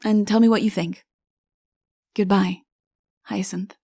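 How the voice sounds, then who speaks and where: A woman voicing Coronel, a quiet, wry young man. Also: medium pitch, steady tone, slow, gravelly, no echo, clean studio sound.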